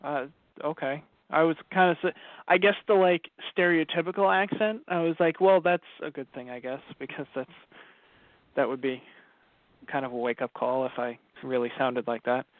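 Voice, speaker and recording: Easygoing man, slightly high, tinny line. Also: level tone, normal speed, no room sound. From New York. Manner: easygoing, brief agreeing replies. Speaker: podcast co-host. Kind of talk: casual chat. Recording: dry, phone-like lo-fi audio.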